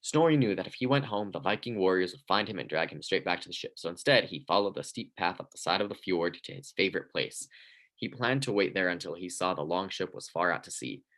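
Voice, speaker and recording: A man reads a children's storybook aloud with a lively, expressive delivery. His voice sits very low. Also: quick pace, low-quality recording. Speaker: narrator. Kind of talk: storybook reading.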